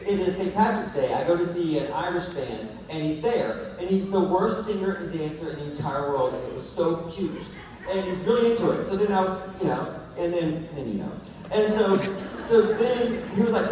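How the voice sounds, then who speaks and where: A man's voice: sits high, darkish tone. A man, an actor at a fan panel, telling rambling comedic stories on stage and laughing through them. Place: large convention hall with audience. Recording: echoey hall, voice from far off.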